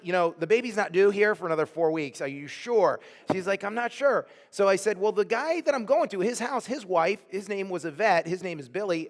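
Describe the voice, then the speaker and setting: High-voiced man telling a sermon story. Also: big-room sound. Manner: animated storytelling, acting out quoted voices. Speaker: pastor. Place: church sanctuary.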